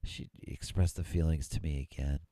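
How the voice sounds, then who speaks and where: A man's voice: a bass voice, steady tone, moderate pace, dark tone, no echo. A middle-aged man co-hosting a podcast, telling rambling stories in casual chat and swearing freely. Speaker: podcast co-host.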